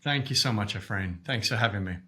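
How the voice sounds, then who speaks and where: Bright-voiced storytelling man. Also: lowish voice, fairly quick. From Australia. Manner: animated anecdotal storytelling. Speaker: guest, activist. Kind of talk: storytelling interview answer. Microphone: video call.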